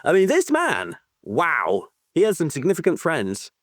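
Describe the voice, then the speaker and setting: Animated, excitable male podcast co-host. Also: a little high, measured pace, no echo, studio quality. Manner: animated and excitable, swears freely, laughs often. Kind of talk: casual book-club chat.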